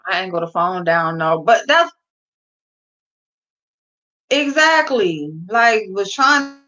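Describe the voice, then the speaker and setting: Brief: slow, higher-voiced woman livestream host, giggly and blunt, on dull lo-fi audio. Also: big pitch swings, sharp tone. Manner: giggly, laughing through her words; slangy, blunt, swears freely. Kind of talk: casual chat with live viewers.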